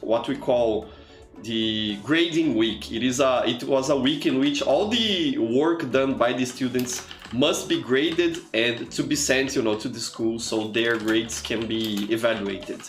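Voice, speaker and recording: A man's voice: medium pitch, unhurried. Chatty man streaming games. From Brazil. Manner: chatty, greets viewers by name, many "you know" fillers. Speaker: streamer and teacher. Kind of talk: casual live-stream chat over gameplay. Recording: echoey room with faint music.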